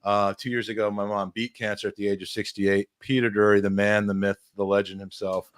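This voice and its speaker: A man's voice: on the low side, level tone, a little fast, clear, resonant tone, no echo. A man hosting a charity livestream podcast, chatting in a casual, upbeat and jokey way. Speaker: host.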